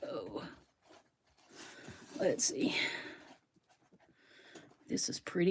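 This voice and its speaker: A woman's voice: lowish voice, big pitch swings, extremely slow, long pauses, breathy edge. A woman hosting a casual live stream from her bedroom, chatting with viewers by name while a little sniffly from sneezing, recorded on a phone. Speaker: live-stream host unboxing rocks. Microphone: phone on a stand.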